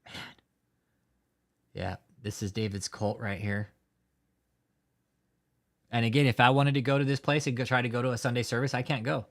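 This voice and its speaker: Man, livestream host, angry, profane, ranting, mid-pitched. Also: a bit bright. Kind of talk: angry live-stream commentary.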